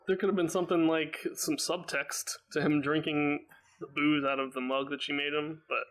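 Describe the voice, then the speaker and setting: A man's voice: a little high, level tone, moderate pace, a bit bright. Wry young man, laughing between remarks. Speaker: podcast co-host. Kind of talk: casual chat.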